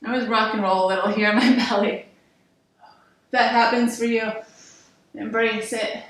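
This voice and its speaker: A woman's voice: on the high side, fairly even intonation, normal speed, distant mic. A woman yoga instructor guiding a workout class, encouraging and counting down reps. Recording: echoey room, voice from off-mic.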